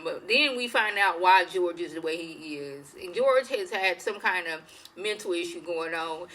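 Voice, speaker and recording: Bright-voiced chatty woman reviewer. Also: mid-range voice, low-quality recording. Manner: chatty, rambling, opinionated. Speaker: show reviewer. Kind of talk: casual recap.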